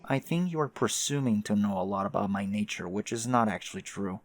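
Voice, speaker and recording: A man reading as a calm, formal vampire troll. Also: lowish voice, no echo, lightly acted. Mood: measured. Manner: measured, formal.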